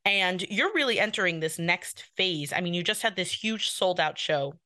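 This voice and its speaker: A young woman from New York hosting a casual interview, friendly with quick asides. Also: on the low side, lively intonation, bright, forceful tone, dry recording, clean studio sound. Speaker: podcast host.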